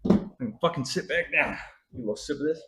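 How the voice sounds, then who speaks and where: A man's voice: fairly high pitch, fast. A young man hosting a casual sports betting show, talking picks with frequent swearing and heated rants. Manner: profane, ranting, animated. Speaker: sports betting podcast host.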